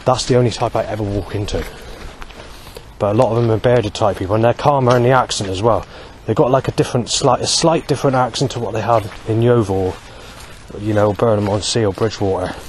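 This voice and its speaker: A man talking alone to camera in a rambling monologue, halting often to search for words. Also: fairly low pitch, a little hiss or hum. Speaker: vlogger.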